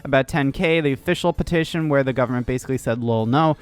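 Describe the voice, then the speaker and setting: A woman's voice: extremely low pitch, rapid-fire. A woman hosting casual news commentary, rambling and swearing, with many filler "likes". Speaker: streamer news host.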